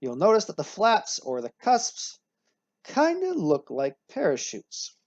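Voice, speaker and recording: A man's voice: high-pitched, huge pitch swings, unhurried, no echo. Casual upbeat male anatomy teacher. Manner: casual and upbeat, with frequent self-corrections and analogies. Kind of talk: recorded lecture. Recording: dry, slightly dull recording.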